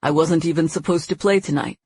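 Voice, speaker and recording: A woman reading an audiobook voices a relaxed, confident young man who speaks with quiet assurance. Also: deep voice, fairly quick, husky. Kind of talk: audiobook character voice.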